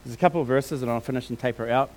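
A man preaching a sermon with passion, moving between quiet reflection and loud, emphatic declarations, with casual asides. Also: mid-range voice, very fast. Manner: informal, scattered with casual asides.

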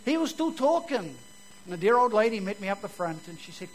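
A New man with a fairly high voice tells his life story to a live audience, like a preacher. He is a vivid storyteller who drops to near-whispers and then rises again. A faint hum sits behind his voice. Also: sing-song, brisk, poor audio. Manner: vivid storyteller, swings from loud to hushed. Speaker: speaker giving his testimony. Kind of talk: personal testimony told to an audience.

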